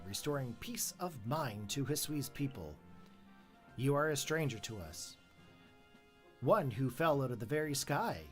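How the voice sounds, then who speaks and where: A stern, formal male commander dismisses a recruit as a streamer reads his lines aloud. The delivery is clipped and commanding, and the pitch rises and falls widely. Soft game music plays underneath. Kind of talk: reading game dialogue aloud on a live stream.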